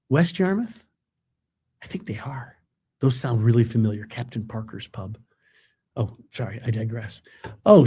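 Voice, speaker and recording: Speaking at medium pitch with a mellow tone, a middle-aged TV meteorologist casually chats through his live webcast. He reads viewer comments aloud, wanders from point to point, jokes at his own expense, and leans heavily on fillers.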